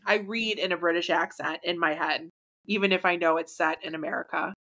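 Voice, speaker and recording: A woman's voice: fairly low pitch, fairly even intonation, moderate pace, sharp tone. Woman co-host, casual podcast chat, rambling, swears a lot, laughs often.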